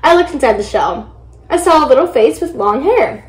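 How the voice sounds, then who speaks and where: Young woman, children's read-aloud, high voice, lively, echoey room. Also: moderate pace. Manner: lively, voices characters with excited high exclamations. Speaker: storybook reader.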